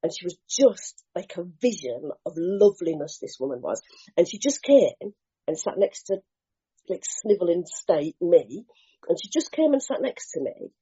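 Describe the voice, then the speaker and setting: A husky, dark-toned woman tells her recovery story with big swoops in pitch, candid and full of slang. The recording is dull and lo-fi, as if captured at a meeting. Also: moderate pace. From Bristol, England. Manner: lively, candid, acts out scenes with swearing and slang. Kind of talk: animated personal storytelling.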